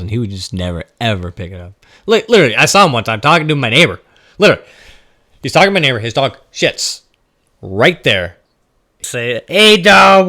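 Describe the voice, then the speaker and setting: A young man spins a rowdy personal story in loose everyday talk. His voice is bright and forward, and he swears freely and laughs at his own tale as he goes. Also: mid-range voice. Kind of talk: casual storytelling.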